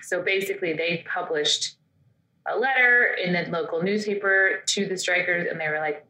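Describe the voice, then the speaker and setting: A woman's voice: on the low side, moderate pace, pushed and bright, reverberant, poor audio. A woman co-hosting a podcast, chatting casually and telling stories with quoted asides. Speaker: podcast co-host. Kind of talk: casual chat.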